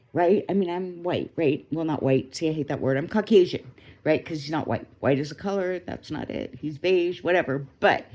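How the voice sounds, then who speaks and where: A woman's voice: lowish voice, dark tone. A woman ranting in a rambling, indignant way, with swearing, recorded on a phone at home. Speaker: vlogger. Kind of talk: casual ranting commentary to a phone.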